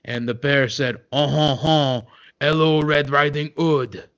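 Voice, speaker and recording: A man voicing a gruff, boastful male metal singer telling a bedtime story to kids in a comedy podcast sketch. He talks dismissively and hesitantly, filling his speech with "uh" and "okay?". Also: on the high side, steady tone, slow, fairly bright tone, muffled recording. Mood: grumbling.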